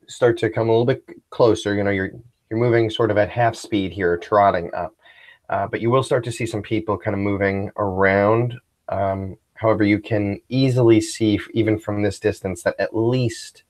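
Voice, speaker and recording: A man's voice: on the low side, darkish tone. A man narrating as game master of a tabletop role-playing game, rambling and descriptive. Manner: rambling, full of fillers and restarts.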